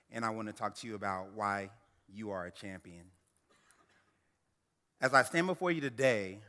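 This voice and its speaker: A man in his thirties, an attorney and guest speaker, telling his personal story at an event with earnest, slow, emphatic phrasing. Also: fairly low pitch, bright, forceful tone, clear, resonant tone. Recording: reverberant hall.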